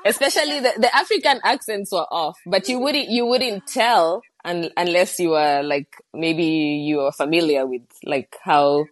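A woman's voice: on the low side, measured pace, hardly any pauses. A woman from Kenya, talking casually in a book discussion, often laughing and saying "like". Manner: relaxed, laughs easily, hedges with "like". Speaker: book club guest.

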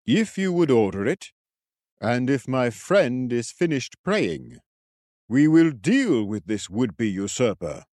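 A man voicing an ancient, loyal male warrior who speaks in a formal, archaic, measured way. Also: mid-range voice, sing-song, darkish tone, dry recording, studio quality. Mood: wry. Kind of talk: audiobook character voice.

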